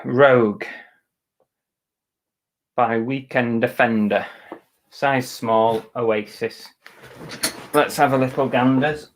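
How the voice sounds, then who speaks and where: A man's voice: mid-range voice, steady tone, slow pace, long pauses. Chatty man muttering while he works. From Manchester, England. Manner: muttering to himself, chatty asides to viewers. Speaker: eBay reseller streaming live. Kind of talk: casual live-stream chatter while working. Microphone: webcam.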